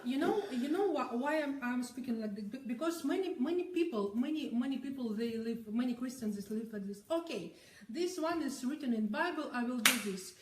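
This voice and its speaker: Casting note: woman interviewer, high bright voice, halting non-native English, giggles often, echoey room, off-mic. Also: animated, distant mic, noisy background. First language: not English. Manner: hesitant, many restarts, giggly. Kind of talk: casual conversation.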